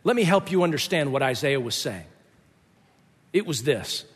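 A man's voice: fairly high pitch, expressive, normal speed, husky. A male pastor preaching a sermon in an emphatic, explanatory way. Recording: long reverb of a large hall.

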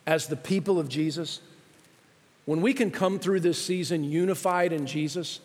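A male pastor preaching a sermon to his congregation, out of breath and speaking with building intensity. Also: on the high side. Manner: preaching with rising intensity, addresses ladies and gentlemen. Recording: long hall reverb.

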